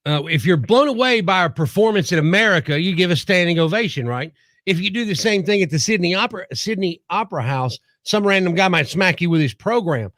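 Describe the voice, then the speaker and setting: A man's voice: high-pitched, lively intonation, a little fast, fairly bright tone, dry recording, clean studio sound. Joking radio co-host, man. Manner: jokey, self-deprecating, tells news stories. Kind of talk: casual morning radio banter. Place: radio studio. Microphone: studio mic.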